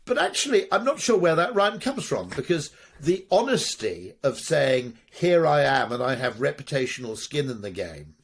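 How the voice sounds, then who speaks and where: This middle-aged guest, a marketing executive, has a husky voice of medium pitch. Answering an interviewer, he rambles through wry anecdotes packed with restarts and asides, sometimes slipping into profanity.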